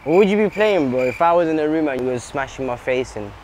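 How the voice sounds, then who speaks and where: A man co-hosting a casual comedic news chat, trading banter and deadpan pushback. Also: fairly high pitch, quick pace, a little hiss or hum. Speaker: co-host.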